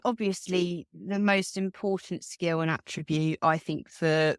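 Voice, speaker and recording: A woman speaking as a guest on a podcast, chatty and quick to laugh. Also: lowish voice, dry recording, studio quality. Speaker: recruitment guest. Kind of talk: casual podcast chat.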